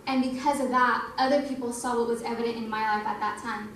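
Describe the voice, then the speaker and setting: High-voiced young woman in an echoey hall. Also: fairly even intonation, fast, few pauses, fairly bright tone, recorded from a distance, slight background noise. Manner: conversational, acts out quoted dialogue. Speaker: youth night speaker. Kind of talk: testimony sermon.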